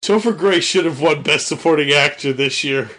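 A man chatting on a comedy podcast, riffing excitedly about movies. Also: fairly high pitch, moderate pace. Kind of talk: casual comedic podcast chat.

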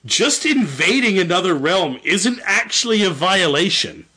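Guy putting on lazy ancient gods, high and bouncy, totally can't be bothered. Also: sing-song, a little slow, bright, forceful tone, husky, exaggerated voice. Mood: dismissive. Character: bored ancient male gods dodging responsibility.

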